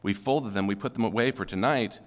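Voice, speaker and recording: A man voicing Peter, a weary adult fisherman who talks frankly and earnestly, his voice lifting high as he pleads, in a reverberant hall. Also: normal speed, a bit bright, natural voice. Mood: annoyed.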